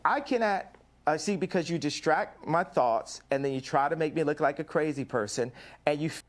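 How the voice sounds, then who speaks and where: A man's voice: fairly high pitch, normal speed. A man speaking as a guest in a televised interview, defiant and boastful, talking over his host.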